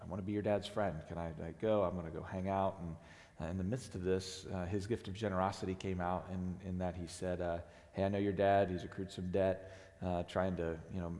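A hoarse man in his forties, the lead pastor, preaching a sermon in a halting, earnest way with many restarts. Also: deep voice, darkish tone. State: hoarse, strained voice. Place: church sanctuary. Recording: long hall reverb.

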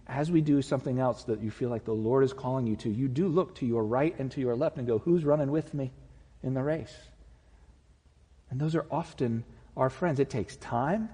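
There's a slight roughness to this man's mellow, medium-pitched voice as he preaches in a church sanctuary. Earnest, conversational, and occasionally humorous, he's recorded in a reverberant church hall.

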